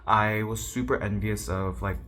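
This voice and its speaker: Young man from Korea, casual storytelling, self-mocking, lowish voice. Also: fairly even intonation, moderate pace, fairly bright tone, a little hiss or hum. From South Korea. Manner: chatty, self-mocking, mimics others' voices. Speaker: YouTuber.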